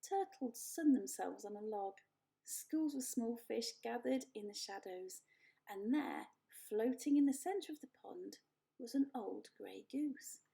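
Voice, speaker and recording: Woman storyteller, high but gravelly, mellow tone, gentle read-aloud pace. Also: animated. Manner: gentle, unhurried, laughs off her slips.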